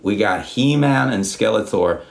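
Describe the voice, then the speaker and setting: A man's voice: fairly low pitch, expressive, a little slow, vocal fry. A man speaking English as a non-native language, delivering a long, unedited, profane and tangential rant straight to camera. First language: not English. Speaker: YouTuber. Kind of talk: unscripted ranting monologue.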